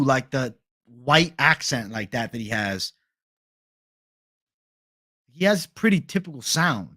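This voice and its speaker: A man's voice: mid-range voice, animated, a little slow, pauses often, pushed and bright. A young man hosting a casual livestream, swearing freely and reading viewer chat aloud. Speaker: livestream host.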